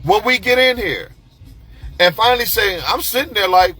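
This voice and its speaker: A man tells his story in a loose, profane monologue, jumping into the voices of the people involved. His voice sits high and sounds sharp and a little raspy. Soft music plays underneath. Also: moderate pace. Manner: animated, profane, acts out quoted voices. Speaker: podcast host telling a personal story.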